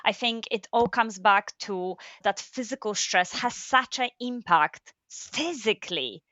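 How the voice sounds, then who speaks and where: Woman podcast host, bright and forceful tone, curious interviewer, dry close recording. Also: on the high side, a little slow, no echo, dull audio. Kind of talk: interview conversation.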